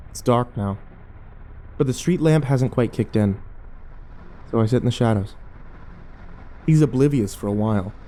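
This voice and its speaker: Mellow-voiced male horror narrator. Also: mid-range voice, a little hiss or hum.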